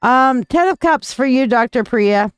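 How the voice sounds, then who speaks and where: A woman's voice: high voice, animated, a little slow, clear, resonant tone, no room sound. A woman hosting a live tarot reading. She talks in a loose, rambling, affectionate way and calls her viewers sweetheart. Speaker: tarot reader and live stream host.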